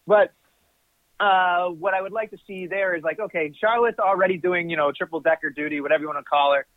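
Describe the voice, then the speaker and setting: A man's voice: sits high, fairly quick, no room sound. Man on a tinny phone-like line. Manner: rambling, self-correcting opinions. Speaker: podcast co-host. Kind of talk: casual chat.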